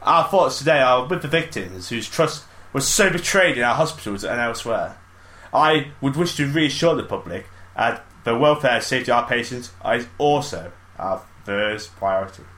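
A man voicing a solemn male hospital spokesman who reads a formal statement slowly. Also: medium pitch, lively intonation, fairly bright tone, echoey room, lightly acted. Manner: slow, formal, measured delivery.

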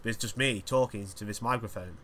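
A man's voice: lowish voice, brisk, pushed and bright, a little hiss or hum. A man hosting a podcast alone, rambling through crude, jokey banter in a casual chat. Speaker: podcast host.

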